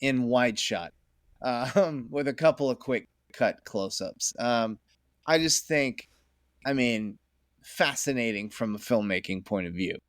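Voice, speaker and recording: A middle-aged man with a medium-pitched voice talks as a podcast guest, rambling and enthusiastic, breaking into laughter often. The recording is dry and close, with no room sound. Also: lively intonation, unhurried, no echo. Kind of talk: casual conversation.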